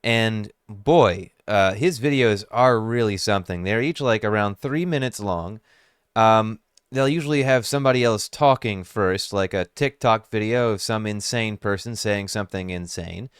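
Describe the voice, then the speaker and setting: A man's voice: on the low side, normal speed, clean tone, no echo. A man giving casual reaction commentary, musing wryly and thinking aloud on a close microphone. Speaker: YouTube commentator.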